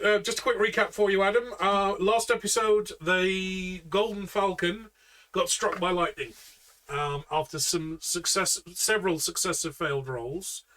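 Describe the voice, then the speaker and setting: A man's voice: sits high, pushed and bright, far from the mic, poor audio. A man running a tabletop game from his bedroom, narrating and joking playfully. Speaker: game master. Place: bedroom at home.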